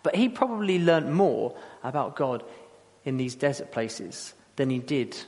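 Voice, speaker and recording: Lively preacher in a reverberant hall. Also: male voice, mid-range voice, a little slow. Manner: lively storytelling, acting out quotes. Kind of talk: sermon.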